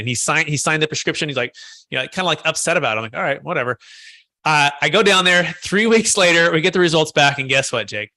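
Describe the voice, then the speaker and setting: A man hosting a podcast conversation, telling stories in an animated way and acting out the voices he quotes. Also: a little high, fast, no echo. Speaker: host.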